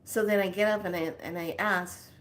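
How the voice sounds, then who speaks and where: A woman's voice: lowish voice, brisk. Woman in her fifties, chatty healer type, tells stories with lots of laughs and acted-out voices. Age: 50s. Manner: animated, laughing often, acting out quoted voices. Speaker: spiritual healer. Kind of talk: casual storytelling.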